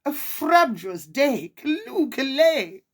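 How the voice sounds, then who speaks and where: Someone doing a gleeful, shrill old father. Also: sing-song, takes it slowly, exaggerated voice. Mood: jubilant. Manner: high, sing-song and gleeful. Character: overjoyed old father praising his son. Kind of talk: dramatic poetry reading aloud.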